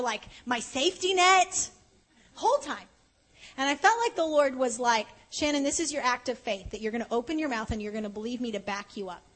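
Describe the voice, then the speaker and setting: A woman preaching a conversational sermon at a conference, earnest and animated, slowing down to stress key points. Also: high-pitched, poor audio. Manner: earnest, animated, often slows for emphasis. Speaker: conference speaker.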